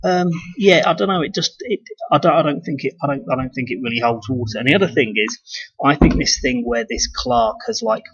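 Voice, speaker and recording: A British video blogger whose voice is fairly high, gravelly and husky talks fairly fast with lively intonation. His casual monologue rambles, with swearing and restarted sentences, and the recording is dull and lo-fi.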